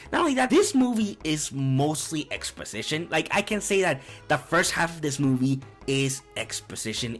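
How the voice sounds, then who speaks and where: A man's voice: medium pitch, fairly bright tone. A young man giving a casual, profane film review, laughing often as he rants.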